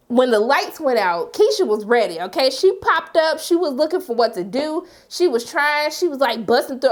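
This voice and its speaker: Animated high-voiced woman recapping TV. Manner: animated, talks straight to the characters. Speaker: TV recap host. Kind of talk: casual TV episode recap.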